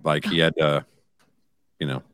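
A man with a very deep voice rambles through family stories, leaning on fillers. He is on a remote home mic with a dry, close sound. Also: flat delivery, a little slow, fairly bright tone, clean tone, no echo. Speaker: podcast co-host. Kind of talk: casual chat.

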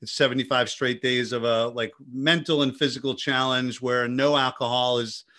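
A man co-hosting a podcast, telling stories in a casual, animated way with many restarts. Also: medium pitch, moderate pace. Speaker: podcast co-host.

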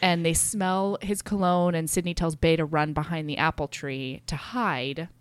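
A woman's voice: low voice, steady tone, moderate pace, smooth, no echo. Woman chatting about a book, dry sound. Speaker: podcast co-host. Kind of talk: casual book discussion.

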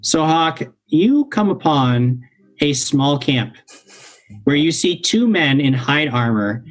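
A man's voice: fairly high pitch, slow pace, rough recording. A man narrating as game master of a tabletop role-playing game, easygoing, with fillers and laughs. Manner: relaxed storytelling with fillers and laughs.

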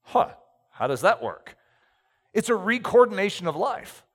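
A pastor giving an animated sermon, telling stories with acted-out asides. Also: male voice, high voice, measured pace, slightly rough. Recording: reverberant hall.

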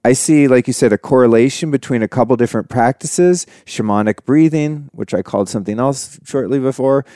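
A man's voice: medium pitch, fairly quick, few pauses, warm tone, no room sound, clean studio sound. A man hosting a podcast, talking in a casual, rambling and upbeat way with lots of fillers. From California. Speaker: podcast host. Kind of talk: casual conversation.

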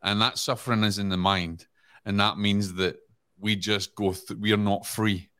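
Scottish guy, really low voice, slow thoughtful storytelling on a podcast. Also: fairly even intonation, pushed and bright, clean tone. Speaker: podcast guest. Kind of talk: casual podcast talk.

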